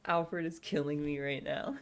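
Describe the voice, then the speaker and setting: A woman's voice: low voice, fairly even intonation, a little slow, soft background music. A woman with a sore throat chatting casually on a live stream, laughing often and rambling through her thoughts. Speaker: streamer reading a novel aloud.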